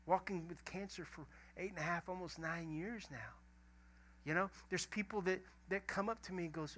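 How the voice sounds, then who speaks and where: A middle-aged pastor, preaching a sermon in a folksy storytelling way that swings from loud emphasis to a hushed near-whisper. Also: male voice, high-pitched, moderate pace.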